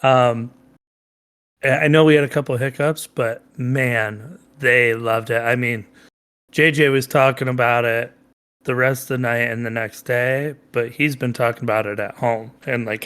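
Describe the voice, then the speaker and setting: A man's voice: medium pitch, steady tone, normal speed, fairly bright tone, clear, resonant tone. A young man, a son co-hosting a family podcast with his father, chatting casually and a little stuffed up.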